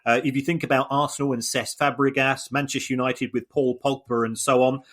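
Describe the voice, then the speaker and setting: A man co-hosting a casual podcast discussion, explaining things in a measured, analytical way. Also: medium pitch, level tone, fairly bright tone. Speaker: podcast co-host, football finance analyst.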